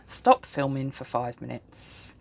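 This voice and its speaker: With slight background noise behind her, a woman speaks slowly in a bass voice full of vocal fry and big pitch swings. The tired planner vlogger, in her thirties and yawning, rambles through a chatty, self-deprecating conversation while crafting her planner at home.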